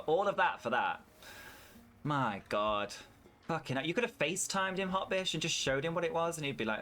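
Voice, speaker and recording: A man's voice: medium pitch, lively intonation, quick pace, a bit bright, soft background music. A British man with a British English accent, chatting casually and swearing freely while streaming a farming game and answering his chat. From United Kingdom.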